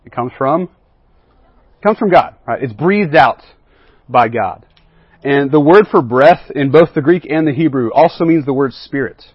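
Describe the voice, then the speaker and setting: Husky-voiced man teaching a Bible lesson. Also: mid-range voice, normal speed, no echo, dull audio. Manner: keeps asking the group questions and checking in with "right?" and "okay?".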